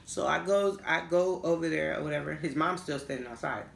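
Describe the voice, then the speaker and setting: A young woman telling a personal story to her vlog viewers, animated and swearing freely, acting out the people she quotes. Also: sits low, a little fast, gravelly, echoey room. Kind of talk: casual storytime.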